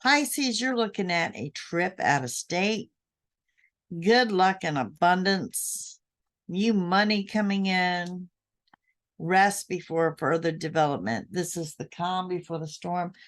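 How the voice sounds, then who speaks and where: A woman's voice: fairly low pitch, takes it slowly. A woman hosting a psychic podcast, giving readings to her listeners in an emphatic way, often repeating her points. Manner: emphatic, repeats key words, addresses listeners directly.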